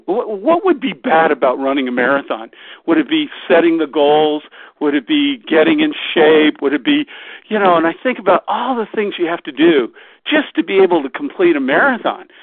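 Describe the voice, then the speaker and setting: A man's voice: fairly high pitch, no room sound. A man from Canada speaking as guest speaker on a company phone call, rambling and folksy with many restarts. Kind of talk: motivational talk on a phone call. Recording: phone line, dry.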